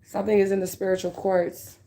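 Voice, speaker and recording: A woman's voice: medium pitch, level tone, fairly quick, noisy background. A woman giving a casual spiritual reading, talking bluntly with lots of swearing and a repeated "okay?" to her listeners. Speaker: psychic reader.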